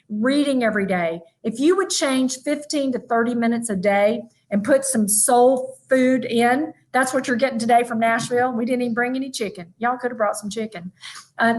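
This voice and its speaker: A woman from North Mississippi with a Southern accent, giving a motivational keynote talk in a folksy, animated way, speaking straight to her audience. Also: high-pitched, rough recording. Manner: folksy, animated storytelling with y'all and asides to the audience. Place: virtual event from a room with a small audience.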